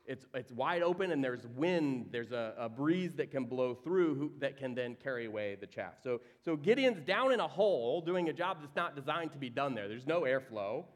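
A man preaching a sermon, reading scripture aloud and acting out the characters with sudden jumps in pitch and volume. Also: normal speed, few pauses. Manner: animated, acts out quoted voices with big swings in pitch and volume. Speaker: pastor.

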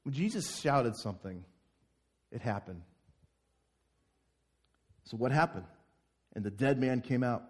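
A man's voice: medium pitch, lively intonation, measured pace, pauses often. A man preaching a sermon as pastor, reading scripture aloud with dramatic force.

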